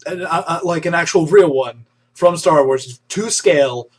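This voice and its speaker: A man's voice: fairly high pitch, unhurried, breathy edge. A young man hosting a casual online news roundup, chatty and enthusiastic, with frequent restarts and fillers. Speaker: host of an online news show.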